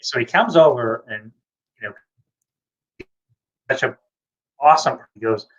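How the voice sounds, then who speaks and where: A middle-aged man from the United States telling anecdotes in a casual video chat, excitable and acting out voices. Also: mid-range voice, a little slow. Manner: excitable storyteller, acts out voices. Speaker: comics creator, co-host. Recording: muffled lo-fi audio.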